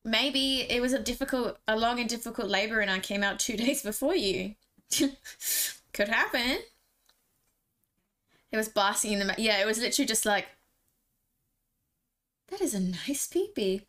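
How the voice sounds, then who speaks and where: A young woman chatting away on a live stream, jokey and quick to giggle. Her voice sits a little high and rings bright and clear. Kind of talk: casual live-stream chat.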